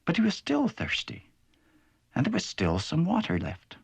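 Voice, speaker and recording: Playful male storybook narrator for a vintage cartoon; husky, highly animated. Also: moderate pace.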